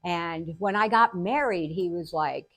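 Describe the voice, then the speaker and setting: An older woman hosting a show, telling personal stories in a casual, animated way. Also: lowish voice, measured pace, no echo. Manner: animated, acts out quotes with laughter. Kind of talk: casual storytelling.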